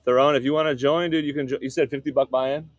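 A man's voice: medium pitch, steady tone, quick pace, no echo. A man hosting a podcast in casual chat, laid-back, often saying dude and laughing. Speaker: podcast host.

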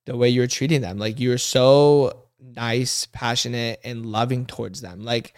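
Earnest young man, smooth dry voice. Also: mid-range voice, fairly even intonation, normal speed, darkish tone, no echo. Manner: earnest, rambling with fillers. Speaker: podcast co-host. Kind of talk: casual couple's podcast chat.

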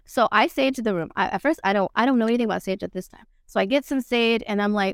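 Young woman, podcast guest, animated storytelling, slangy, dry close sound. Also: fast talker, hardly any pauses, no room sound. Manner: animated, acts out quoted speech with big swings in pitch; blunt slangy talk with frequent swearing. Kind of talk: casual storytelling.

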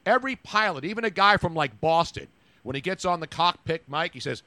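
A man's voice: fairly high pitch, lively intonation, a little fast, sharp tone, no echo. An older man, a longtime radio host, chatting casually in a wry storytelling way. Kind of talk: casual chat.

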